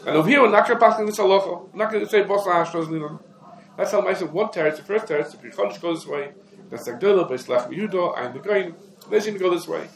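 A man teaching a lecture on Jewish law, explaining rapidly and peppering his English with Hebrew legal terms. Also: high voice. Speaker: rabbi teaching a class. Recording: echoey room.

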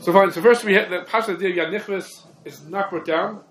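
Casting Male Torah teacher, fairly high voice, emphatic repeating delivery, echoey room with faint hum. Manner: rapid, repetitive, emphatic teaching with heavy Hebrew terms. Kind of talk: halachic lecture.

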